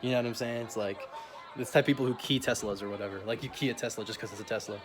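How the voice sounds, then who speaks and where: A young man talks straight to camera in a relaxed, profane rant packed with slang and quick laughs. His voice sits on the low side, and music plays clearly underneath him. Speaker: vlogger.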